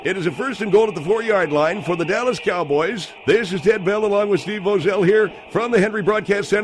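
A man doing comic play-by-play in an improvised spoof sportscast, excitable on plays and rambling in his asides. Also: high-pitched, a little fast, few pauses, a little hiss or hum.

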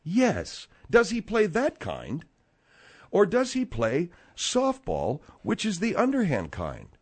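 A male radio talk show host who grows exasperated and bursts into yelling. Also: high voice, huge pitch swings, takes it slowly.

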